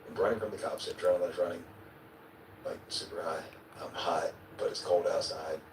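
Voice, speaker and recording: A man's voice: sits low, fairly even intonation, normal speed. A man being interviewed, telling a vivid story in a casual way, acting out his own quotes and now and then swearing or chuckling. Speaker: interview guest. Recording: echoey, distant, noisy replayed clip.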